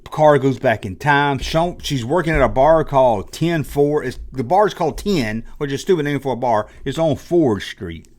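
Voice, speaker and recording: A man's voice: mid-range voice, lively intonation, moderate pace, few pauses, darkish tone. Exasperated sarcastic man ranting. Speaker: channel host. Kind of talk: ranting commentary vlog.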